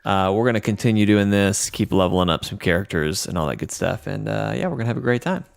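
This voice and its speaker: A man's voice: on the low side, expressive, fast, vocal fry, no echo. A man hosting a casual gaming livestream, upbeat and joking as he reads the chat aloud. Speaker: stream host.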